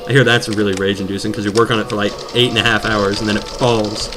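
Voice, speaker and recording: Over video game music, a let's play commentator rambles and jokes about his own gameplay, drifting between topics. His voice is on the low side, with little pitch movement and a quick pace.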